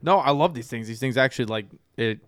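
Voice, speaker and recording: A man's voice: mid-range voice, quick pace, dry recording, clean studio sound. A man hosting a casual podcast chat, swearing freely and breaking into laughter often. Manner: crude, laughs a lot. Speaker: podcast host.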